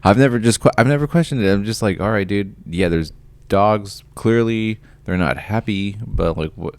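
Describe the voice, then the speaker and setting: Low-voiced man telling an angry story. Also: normal speed, no room sound. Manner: profane, heated retelling with mimicked voices. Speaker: podcast co-host. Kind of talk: casual storytelling chat.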